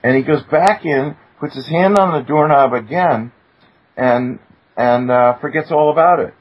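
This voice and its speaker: Male guest storyteller, husky, animated, mid pitch, muffled lo-fi sound. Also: measured pace. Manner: animated, acts out quoted speech with sudden high-pitched exclamations. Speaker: guest, attorney. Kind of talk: storytelling in casual talk. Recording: muffled lo-fi recording.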